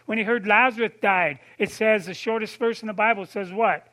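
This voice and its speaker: A man delivers a sermon in a chatty, storytelling way, calling on listeners and asking them questions. His voice sits very high and sounds bright and forceful. At tender moments he drops to a soft, low tone. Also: steady tone, fairly quick. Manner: conversational preaching, addresses listeners by name, asks questions. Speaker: pastor.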